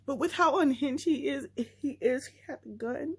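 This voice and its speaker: A young woman vlogging, chatting excitedly and emotionally about a book she just read, talking straight to her viewers. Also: high-pitched, normal speed, hardly any pauses, poor audio. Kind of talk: casual chat.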